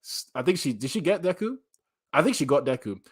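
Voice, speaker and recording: A man giving casual, excitable reaction commentary on a manga chapter, full of slang. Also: on the high side, fairly quick, breathy edge. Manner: excitable, slangy, reads panels aloud with bursts of laughter.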